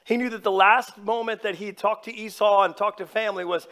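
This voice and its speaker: A pastor giving an animated, informal sermon, talking straight to his congregation. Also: sits high, a little fast. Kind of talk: conversational sermon.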